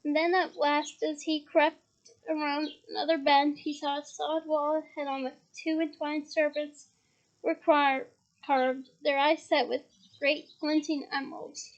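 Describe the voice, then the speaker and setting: A woman reading a novel aloud in a steady storytelling manner with small restarts. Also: sits high, unhurried, muffled recording. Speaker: reader.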